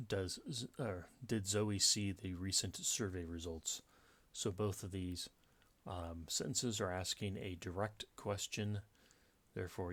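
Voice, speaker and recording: Low-voiced man teaching punctuation. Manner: relaxed, explanatory, with many fillers and restarts. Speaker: writing teacher. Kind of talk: casual lecture.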